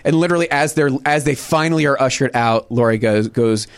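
A man's voice: mid-range voice, brisk, smooth, no room sound. A man in casual podcast chat, animatedly telling a funny story and briefly mimicking the people in it.

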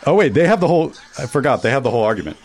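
A man's voice: medium pitch, sing-song, very fast, a little mellow. A man co-hosting a casual chat, wry and inquisitive.

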